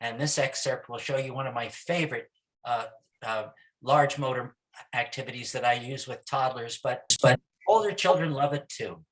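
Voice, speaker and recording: A middle-aged man, a music teacher, giving a gentle and encouraging talk on songs for young children. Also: medium pitch, normal speed.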